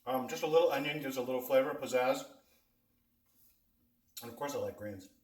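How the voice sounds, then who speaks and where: A man's voice: medium pitch, brisk. A man hosting a casual snack taste-test vlog, chatting to his viewers as he eats. He often talks with his mouth full. His voice sounds roomy and a little distant, with plenty of echo around it. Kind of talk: casual food review vlog. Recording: echoey room, mic at a distance.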